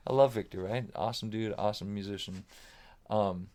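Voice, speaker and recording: This podcast guest, a musician, speaks in a lowish voice and a little fast. He tells anecdotes in a loose, animated way, voicing other people's lines, saying "like" a lot, and swearing casually here and there.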